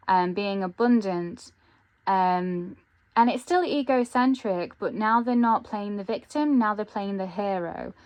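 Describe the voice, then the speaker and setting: A woman giving an intuitive tarot reading, thinking aloud with frequent pauses and ums. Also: medium pitch. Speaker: tarot reader.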